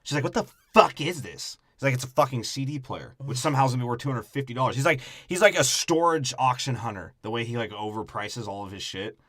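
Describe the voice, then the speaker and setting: A man's voice: medium pitch, quick pace, hardly any pauses, fairly bright tone, dry recording, clean studio sound. A man co-hosting a comedy movie podcast, riffing crudely and slipping into character voices. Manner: riffs with put-on character voices. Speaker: podcast co-host.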